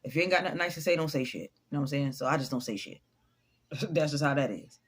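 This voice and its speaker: A woman's voice: low-pitched, quick pace, husky. A woman giving an emphatic, profanity-laced motivational talk, repeating her points for emphasis. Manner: emphatic, preachy, swears freely; repeats lines for emphasis, laughs often. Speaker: motivational vlogger.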